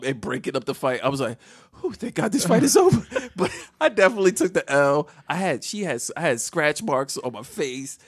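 A man's voice: medium pitch, no echo, studio quality. A man telling a comedic story on a podcast. He laughs often and acts out the voices and sounds of other people.

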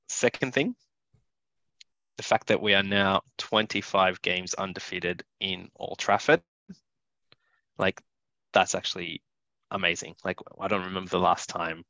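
A young man co-hosts a casual football podcast, blunt and full of opinions, stumbling over repeated words once he's on a roll. His voice sits low and sounds gravelly, pushed and bright, recorded dull with no room sound.

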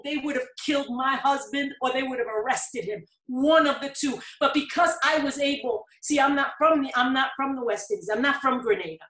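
A woman's voice: high voice, fairly bright tone. A middle-aged woman telling a personal story earnestly in an interview, her voice rising in pleading emphasis. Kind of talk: personal testimony in conversation. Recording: echoey room.

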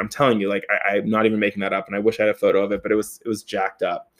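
A man telling a personal story in a casual, animated way, swearing often and laughing as he goes. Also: lowish voice, very fast.

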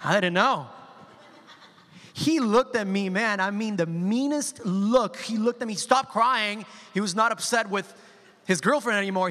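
A man from Colombia with a Spanish accent, preaching a sermon and telling stories with slow, emphatic quotes. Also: high-pitched, a bit bright, long reverb tail. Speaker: pastor.

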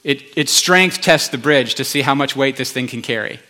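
A male pastor giving a conversational sermon, animated, with chatty asides to the congregation. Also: medium pitch, normal speed.

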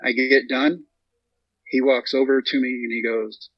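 Husky and mid-range, he speaks a little slowly with long pauses. He's a thirtysomething Texan guest on a storytelling interview, animatedly acting out quotes as he tells a long story, captured in a dry, dull-sounding recording.

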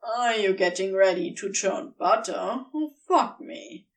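Brief: sardonic adult male demon, a woman reading, clipped and snarky, slow-paced. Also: medium pitch, far from the mic.

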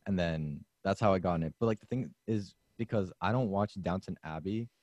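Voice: low-pitched, a little fast, darkish tone, no room sound. A laid-back speaker in casual chat, agreeable, with many "mm-hmm"s and "like"s. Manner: laid-back, agreeable, lots of mm-hmms and likes.

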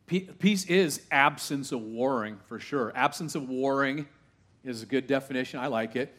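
A man preaching a sermon to a live congregation in a church, in a conversational style full of questions, swinging from hushed asides to loud, rising exclamations. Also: medium pitch, moderate pace. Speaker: pastor.

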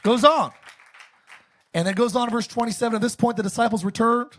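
A pastor preaching a sermon, joking and calling on the congregation to repeat phrases after him. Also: male voice, extremely high pitch, fairly even intonation, brisk, a bit bright. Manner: jokey, calls for congregation responses.

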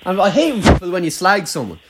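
Young rural Irish male podcast host, fast and rambling, noisy home recording. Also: high voice, big pitch swings. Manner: chatty, rambling, heavy use of "like". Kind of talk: casual chat.

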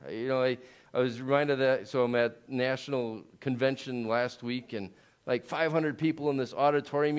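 Male pastor, mid-pitched, sermon delivery that swings from hushed and slow to loud and rising. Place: church.

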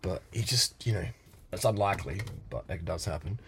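A man's voice: deep voice, lively intonation, a little fast, slight background noise. A man hosting a podcast, talking in a blunt, crude, rambling monologue. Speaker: podcast host. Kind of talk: casual monologue.

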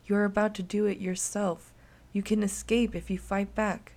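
Woman voicing a protective ghost girl, soft, calm, reassuring. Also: mid-range voice, moderate pace, close to an everyday voice. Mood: gentle.

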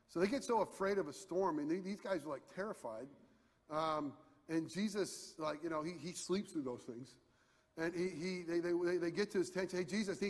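A man preaching a sermon in a conversational, animated way, swinging from quiet asides to near shouts. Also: a little high, slightly rough. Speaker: pastor. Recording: long hall reverb.

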